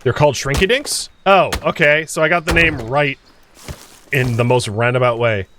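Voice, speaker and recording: A man with a mid-range voice hosts a let's play, speaking at normal speed against a noisy background. His gameplay commentary is casual and chatty; he thinks aloud, chuckles often, and talks straight to his viewers.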